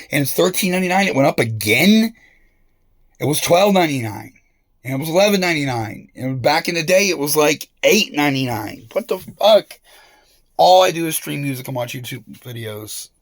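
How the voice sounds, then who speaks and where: Man with a gravelly voice, rambling and confrontational, swearing a lot, dry recording. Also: mid-range voice, dry recording. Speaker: vlogger. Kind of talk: rambling monologue rant.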